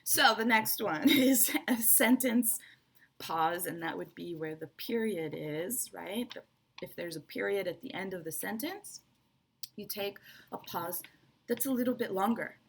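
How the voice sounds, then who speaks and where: A woman's voice: medium pitch, expressive, a little slow, husky. A woman teaching English presentation skills, explaining step by step and checking in with "right?" and "okay". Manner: explanatory, repeats key points with frequent "right?" and "okay". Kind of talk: online lesson explaining to viewers.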